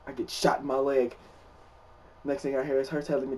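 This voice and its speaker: Young man, casual storytime vlog, animated, loud, middling pitch, distant mic. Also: fairly quick. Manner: animated, loud, rising to shouts in quoted lines.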